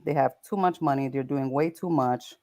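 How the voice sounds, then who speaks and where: A woman's voice: a bass voice, normal speed, a little mellow. A woman co-hosting a casual podcast, reading out news stories and riffing on them with frequent laughs. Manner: laughs often, riffs on the headlines she reads. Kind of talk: casual chat.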